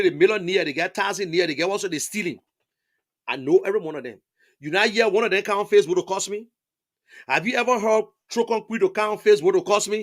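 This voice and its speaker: A man from Liberia speaking with a Liberian English accent, his voice sitting high for a man. He talks in an emphatic, repetitive rush of testimony. He restates his points and stumbles over repeated words as he argues. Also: a bit bright. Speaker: interviewee, political supporter. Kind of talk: impassioned conversational testimony.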